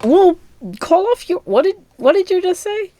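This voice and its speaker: A woman's voice: very high voice, animated, normal speed, mellow, dry recording. A woman co-hosting a podcast, rambling playfully through movie picks and laughing often. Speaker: podcast co-host. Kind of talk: casual chat.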